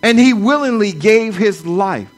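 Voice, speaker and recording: A man's voice: sits high, expressive, measured pace. A man in his forties preaching a sermon, repeating lines for emphasis and building to fervent declarations.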